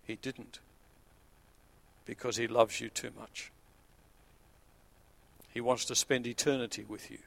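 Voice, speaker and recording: A man, a pastor delivering an earnest sermon that swells to emphatic peaks and sinks to quiet low points. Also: level tone, a little slow, creaky, pauses often. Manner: earnest preaching, rising to emphatic peaks then dropping low.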